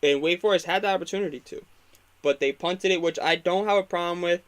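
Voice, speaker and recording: A man's voice: sits high, quick pace, clear, resonant tone. A young man hosting a casual live football reaction, opinionated and rambling, getting fired up when he critiques the coaching. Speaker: sports talk host.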